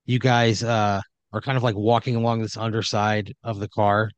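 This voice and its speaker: A man's voice: fairly low pitch, flat delivery, moderate pace, no room sound, dull audio. A man improvising a comedic horror story in a loose, rambling way full of fillers.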